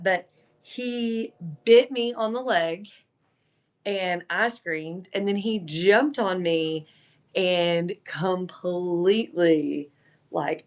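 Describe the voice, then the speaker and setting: A woman hosting a live online sale, chatting casually and telling stories full of fillers like "like" and "um.". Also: mid-range voice. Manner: chatty, animated storytelling with filler words. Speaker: live-selling host. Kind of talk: casual livestream chat.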